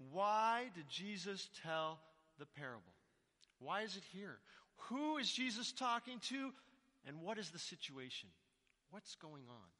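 A man's voice: high-pitched, bright, forceful tone, long reverb tail. A male pastor preaching a sermon in a conversational way, putting rhetorical questions to the congregation.

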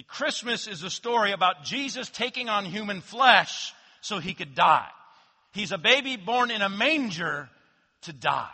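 High bright preacher in a reverberant hall. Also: male voice, slightly rough. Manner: swings from loud emphatic declarations to hushed low asides. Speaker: pastor. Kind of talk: sermon.

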